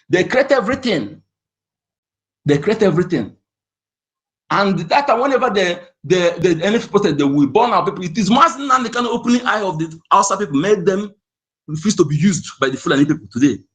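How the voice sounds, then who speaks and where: A man's voice: high-pitched, sing-song, a little fast, a bit bright. Man, impassioned caller, repeats points with a raised voice. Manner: heated, repetitive, insistent. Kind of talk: impassioned call-in speech.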